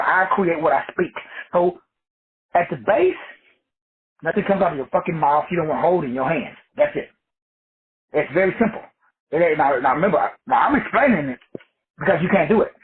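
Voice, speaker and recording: Raspy high-voiced man, tinny phone sound. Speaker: metaphysics teacher. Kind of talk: casual profane storytelling talk.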